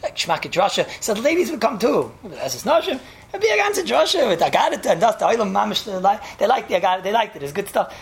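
A man's voice: high-pitched, big pitch swings, fast talker, gravelly. A man teaching a Talmud class, telling the story animatedly and repeating himself, with Yiddish and Hebrew terms mixed in. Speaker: Torah teacher.

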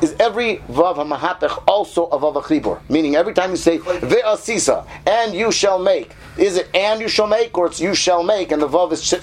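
Man, Torah teacher, slightly high voice, keeps asking "right?", stretches Hebrew words. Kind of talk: casual Torah class.

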